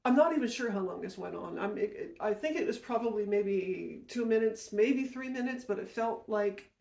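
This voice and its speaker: A woman's voice: medium pitch, animated, moderate pace, vocal fry, warm tone. A woman podcast host telling a personal story in a casual, rambling way, often correcting herself and going off on asides. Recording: roomy echo.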